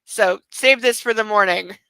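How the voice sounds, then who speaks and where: Woman reading a book aloud and making sarcastic asides, bright crisp voice, dry close mic. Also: medium pitch, a little slow, dry recording, low-quality recording. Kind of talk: comedic reading with commentary.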